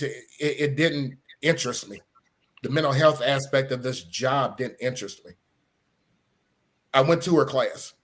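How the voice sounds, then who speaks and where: Middle-aged man, police officer, earnest personal story, halting delivery, mid-pitched voice. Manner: earnest, halting, many fillers and restarts. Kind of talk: personal story, casual talk.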